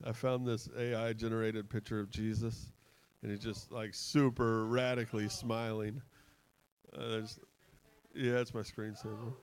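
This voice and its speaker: A man preaching a sermon in a church, impassioned and excitable, laughing as he goes. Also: on the low side, a little slow, rough recording. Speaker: pastor.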